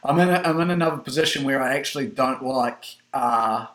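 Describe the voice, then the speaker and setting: A New Zealand man chats easily about rugby picks, halting often with ums and restarts. His voice sits at an ordinary middle pitch and rings around an echoey room. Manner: relaxed, hesitant with many ums and restarts. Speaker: podcast co-host. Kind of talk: casual rugby chat.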